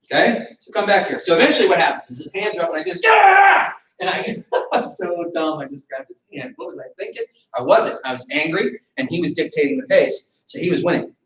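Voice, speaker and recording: A male martial arts instructor teaching a self-defense class, animated, acting out fight scenarios with sudden shouts. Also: sits high, fast, gravelly, hardly any pauses, slight background noise. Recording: echoey room from far off.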